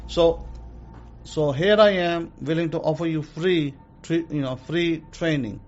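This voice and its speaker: A man's voice: a little high, measured pace, darkish tone, dull audio, faint music behind. A man teaching a casual self-help lesson. He rambles, repeats himself and uses many fillers.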